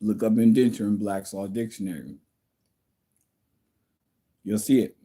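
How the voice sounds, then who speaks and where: Low mellow dude on a home livestream, blunt and preachy, answering chat. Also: male voice, measured pace, slightly rough. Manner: blunt, preachy, reads out viewer comments. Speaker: livestream host answering viewer questions.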